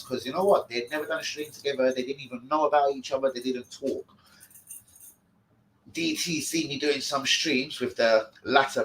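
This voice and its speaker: A man's voice: on the high side, a bit bright, poor audio. A man hosting a live stream, trash-talking in a brash, profane way. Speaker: host of a fan channel. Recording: faint background noise.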